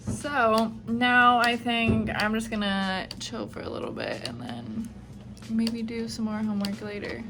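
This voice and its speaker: A nursing student in her twenties chats casually to camera in a vlog, rambling and filling her speech with "like" and "I don't know." Her voice is on the high side and her pace measured, with music playing in the background.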